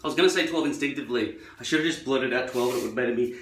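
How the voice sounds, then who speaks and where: Racing along in a fairly bright, medium-pitched voice, an Australian vlogger wryly thinks aloud while cutting his hair in a casual monologue to camera. The room is echoey with faint music, slight background noise and a buzzing electric trimmer.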